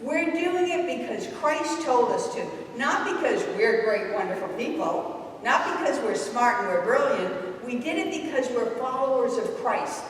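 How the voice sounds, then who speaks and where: A woman giving a lively talk to a youth group in a church hall, asking the audience questions. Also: on the high side, moderate pace, a little hiss or hum. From New England. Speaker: speaker at a youth ministry talk. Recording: echoey hall from far off.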